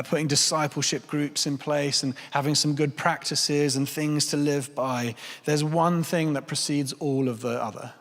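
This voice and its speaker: A man in his thirties preaching a sermon in church, earnest and pleading, repeating phrases for emphasis. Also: medium pitch. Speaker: pastor. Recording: long church reverb.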